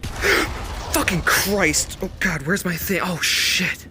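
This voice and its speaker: A man's voice: high-pitched, expressive, takes it slowly, sharp tone, a little hiss or hum. A man streaming a horror game, jumpy and swearing constantly, with nervous laughter. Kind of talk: live horror game commentary.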